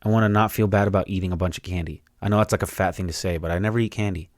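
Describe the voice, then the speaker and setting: Low-voiced, profane young man rambling. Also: steady tone, racing, no echo, clean studio sound. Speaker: podcast host. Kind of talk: solo podcast monologue.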